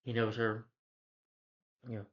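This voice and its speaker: Fairly low-pitched and completely flat, this man walks through TV episodes at a measured pace. His rambling recap is packed with filler like "he's like" and "you know" as he retells scenes, captured on slightly dull lo-fi audio.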